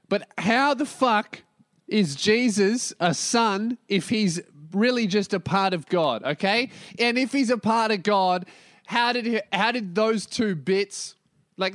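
A young man hosting his own podcast, ranting and yelling in a profane, rambling comedic monologue that jumps between topics. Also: sits high, dry recording, studio quality. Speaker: podcast host. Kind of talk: solo comedic podcast rant.

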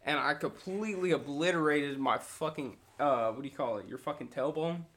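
A man's voice: on the high side, a bit bright. A young man on a podcast, telling loose, profane stories in casual chat. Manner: loose, profane storytelling, quick reactions.

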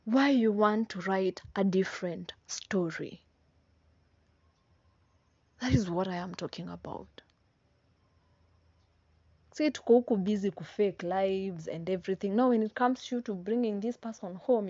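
A young woman with a Kenyan accent, in her twenties, talks unhurriedly in a mid-range, slightly mellow voice. Her vlog is a casual motivational speech, emphatic and repetitive, peppered with slang and tag questions, and the sound is dry and a bit dull.

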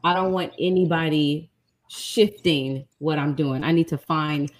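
Low-voiced, strong-willed woman comic. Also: fairly even intonation, a little slow, slight background noise. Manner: strong-willed, blunt, earnest. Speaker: stand-up comedian. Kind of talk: casual chat.

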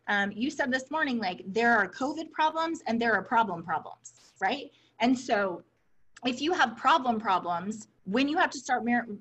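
A woman's voice: on the high side, husky, muffled recording. A woman co-hosting a casual chat, effusive and affectionate, with frequent "like" and "um" fillers. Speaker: podcast co-host.

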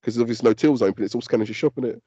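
Guy ranting on a podcast, swears a lot, husky warm voice, lo-fi sound. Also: medium pitch, rapid-fire, dry recording. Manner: sweary, animated storytelling. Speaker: podcast co-host. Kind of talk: casual chat.

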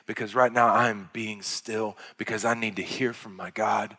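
A male pastor preaching a sermon, rising to loud, high-pitched exhortation and dropping to hushed, quiet passages. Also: level tone, a little fast, hardly any pauses. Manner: impassioned preaching that swells loud and high, then drops to hushed tones. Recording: long hall reverb.

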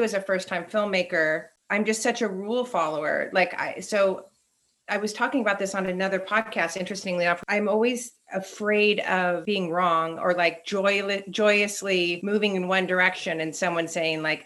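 A middle-aged woman from Southern California, an actor chatting casually as a podcast guest, self-deprecating and quick to laugh, acting out her own past reactions. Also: mid-range voice. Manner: chatty and self-deprecating, laughs often, quotes herself in lively voices. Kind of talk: casual interview chat.

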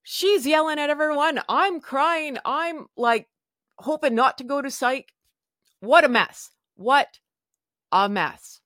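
A young woman telling a personal story in a casual, animated way, acting out her own past words and swearing now and then. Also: sits high, slow, no room sound, studio quality. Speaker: podcast guest sharing her story.

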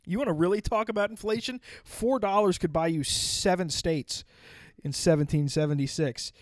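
Man, casual podcast storyteller, swears freely, rambles and restarts, a bit high-pitched, dry close recording. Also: normal speed, no room sound.

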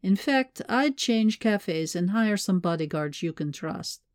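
A woman's voice: medium pitch, animated, a little slow, a little mellow, slight background noise, lightly acted. A woman voicing a tough male agent in an audiobook, speaking in terse, clipped commands. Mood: stern.

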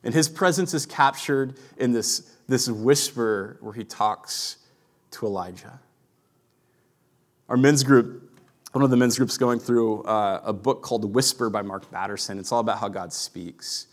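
A man's voice: medium pitch, unhurried. Earnest man in his thirties preaching. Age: 30s. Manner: earnest, reflective, drops to a hushed voice for quiet moments. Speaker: pastor. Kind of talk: sermon.

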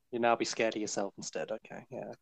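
A man co-hosting a podcast, chiming in with quick teasing remarks. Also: medium pitch, gravelly, husky, dry recording. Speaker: podcast co-host. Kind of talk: casual chat.

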